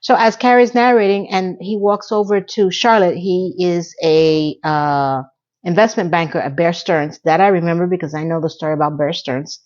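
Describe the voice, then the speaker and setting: A woman's voice: lowish voice, fairly even intonation, moderate pace, darkish tone, lo-fi sound. A middle-aged woman giving a chatty, opinionated recap of a TV episode and offering life advice.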